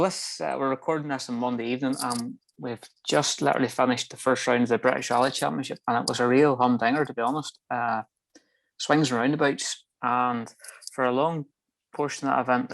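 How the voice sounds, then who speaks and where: A man co-hosts a motorsport podcast in relaxed, casual chat. He rattles through the news briskly, rambling a little and leaning on fillers as he goes. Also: mid-range voice, vocal fry.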